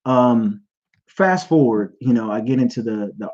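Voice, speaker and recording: A man speaking in a middle-pitched voice on his own podcast, telling a personal story. His talk is earnest and rambling, full of restarts and repeated words. The sound is dull and lo-fi. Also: measured pace, a little mellow. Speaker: podcast host. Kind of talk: personal testimony.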